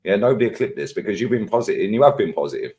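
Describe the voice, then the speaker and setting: A young man hosts a football chat, firing off teasing banter at a rapid clip. His voice sits low and he laughs easily between quick jabs. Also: big pitch swings, crowd noise. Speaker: show host. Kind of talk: casual football debate.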